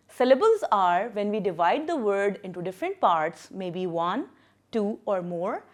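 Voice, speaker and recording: A woman teaching primary school English in a recorded lesson, patient and emphatic, repeating and stressing words for young learners. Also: mid-range voice. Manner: lively and emphatic, stressing syllables and key words.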